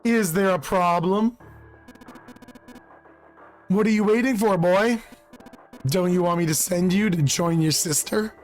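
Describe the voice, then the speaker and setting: Man reading as a murderous older villain, calm, measured, polite menace, slow delivery, slightly hoarse. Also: high voice, faint music behind. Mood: taunting.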